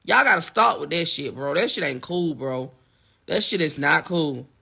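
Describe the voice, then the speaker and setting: Young male streamer, raspy and gravelly, strained, tearful, defensive chat. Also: on the high side, expressive, moderate pace, pushed and bright. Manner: upset, defensive, talking to viewers. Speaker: livestreamer. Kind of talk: emotional livestream chat.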